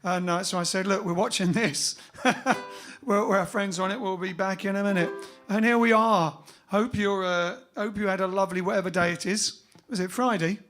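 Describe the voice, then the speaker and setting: A playful man hosts a casual livestream from an indoor room, his voice sitting quite high for a man. He chats and jokes loosely between songs. Band music plays clearly behind him. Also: fairly even intonation, moderate pace, fairly bright tone. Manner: playful, joking, chatty asides. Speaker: band leader hosting a livestream show.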